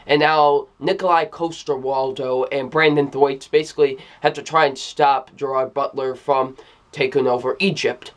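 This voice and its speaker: A movie reviewer gives a casual spoken film review in a medium-pitched voice with fairly even intonation and a moderate pace. They keep exclaiming, repeat phrases, restart sentences and often burst out laughing.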